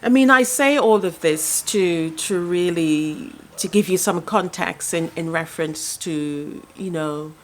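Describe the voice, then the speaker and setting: A middle-aged woman sharing a personal story in a vlog, speaking softly and haltingly, with many restarts. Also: fairly low pitch. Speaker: quilting vlogger. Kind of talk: personal vlog talk to camera.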